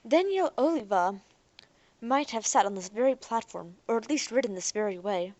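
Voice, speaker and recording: A woman voicing a curious, lively young woman who speaks eagerly. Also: on the high side, moderate pace, no room sound, natural voice.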